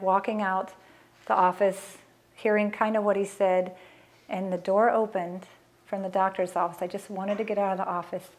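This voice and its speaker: A middle-aged woman with a mid-range, somewhat dark voice tells a personal story about her family as a mother. She is emotional and earnest, acting out past conversations.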